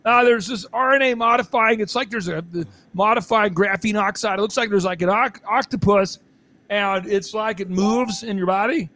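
High-voiced, rambling man guest. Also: moderate pace, bright, forceful tone, slight background noise. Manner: rambling, joking, emphatic, with many restarts. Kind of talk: excited podcast interview talk.

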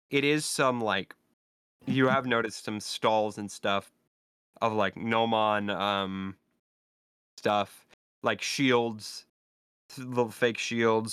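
A male game master who narrates slowly and haltingly, with many pauses and fillers. His voice is low and smooth, and it is recorded dry and close. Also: fairly even intonation, a bit bright, no room sound.

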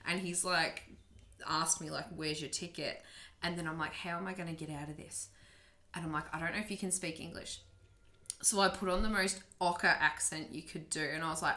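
A woman's voice: low voice, fairly even intonation, moderate pace, bright, forceful tone. A young Australian woman co-hosting a podcast, telling stories in loose casual chat full of "like" and laughter. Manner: chatty storytelling, heavy use of "like", laughs often. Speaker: podcast co-host.

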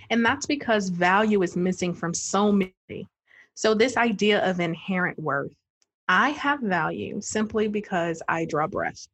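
Breathy, expressive woman therapist. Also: fairly low pitch. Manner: expressive storyteller, acts out client voices, laughs often. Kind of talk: podcast conversation.

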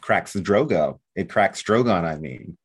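Man co-host, thoughtful and analytical, very deep voice. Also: animated, measured pace, breathy edge. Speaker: podcast co-host. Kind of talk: casual chat about a fantasy novel.

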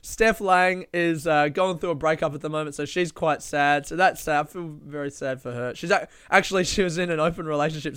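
A young man, a comedian and podcast host, telling a story in a casual, animated way, laughing and swearing often. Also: fairly high pitch, clean tone, no echo, studio quality.

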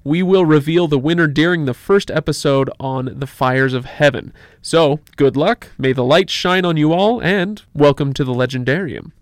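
A man's voice: fairly high pitch, normal speed, hardly any pauses, no echo, clean studio sound. A man hosting a casual podcast, talking in a loose, joking way with plenty of filler words. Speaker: podcast host.

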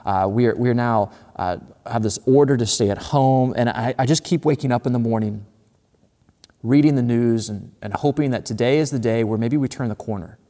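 A man preaching a sermon in an earnest way, repeating phrases and slowing down to read scripture aloud. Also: mid-range voice, warm tone, in a large hall. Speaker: pastor.

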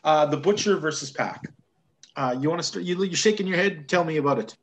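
Man co-host, slightly higher voice, opinionated, animated chat. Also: brisk. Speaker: podcast co-host. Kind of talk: casual wrestling chat.

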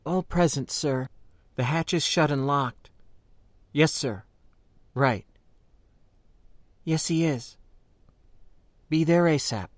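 A man voicing a brisk, dutiful female ship security guard. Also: a little high, no echo, voice pushed up.

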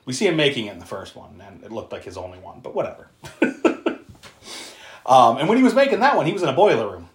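Talking fast at a medium pitch with big swings in intonation, he hosts a podcast where he loosely recaps a film. He chats, curses, laughs a lot between lines and leans on filler words; the room gives the audio a noticeable echo.

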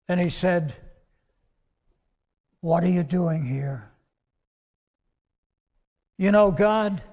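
A man preaching a sermon as pastor, slow and emphatic, dropping soft and quiet on key words, recorded in a church. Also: high-pitched. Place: church sanctuary. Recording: long church hall reverb.

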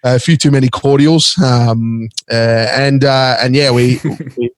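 A young Australian man talking in a relaxed, halting way, full of ums and restarts. His voice sits at an ordinary pitch and sounds dry and close. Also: no room sound. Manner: halting, many fillers and restarts. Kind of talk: casual chat.

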